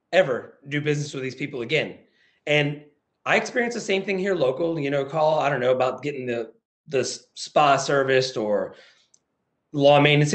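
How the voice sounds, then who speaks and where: An American man, a motivational speaker, giving a lively sales presentation over a video call and acting out phone conversations. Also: on the high side. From United States. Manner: animated, acts out phone calls in quoted voices.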